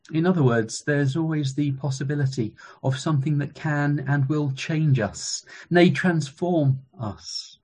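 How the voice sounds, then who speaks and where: Preacher guy, slightly husky, fairly high voice, telling stories slow and thoughtful. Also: a little mellow. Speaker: preacher, former school chaplain. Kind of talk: sermon with storytelling.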